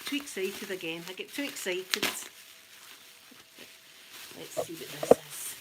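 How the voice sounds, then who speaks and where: A Scottish woman chatting through a gift unboxing at home, gushing and laughing easily, slipping between soft near-whispers and excited exclamations. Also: medium pitch, a little slow, pauses often, background noise. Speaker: ASMR vlogger. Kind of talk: casual unboxing chat.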